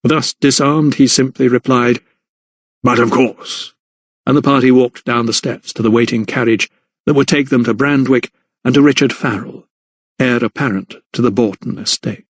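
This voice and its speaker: A man delivers a scripted audiobook reading, calm and measured. His voice falls in the middle range, captured in a dry recording.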